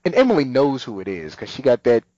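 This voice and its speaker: A man's voice: medium pitch, quick pace, no room sound, dull audio. A man co-hosting a casual show, animatedly retelling scenes and acting out lines. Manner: animated retelling, acts out quotes. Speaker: podcast co-host. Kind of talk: casual recap chat.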